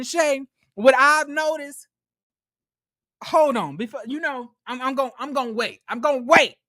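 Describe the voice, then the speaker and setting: A man recapping a reality show in a casual commentary vlog, talking to viewers as y'all in an animated, profane way. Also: very high voice, no room sound, studio quality.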